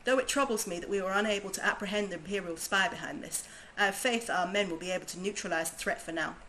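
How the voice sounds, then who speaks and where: A woman's voice: mid-range voice, quick pace, pushed and bright, a little hiss or hum, low-quality recording. A woman voicing a grave veteran army commander from a game, reading the lines in a formal, earnest way. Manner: formal, earnest read-aloud.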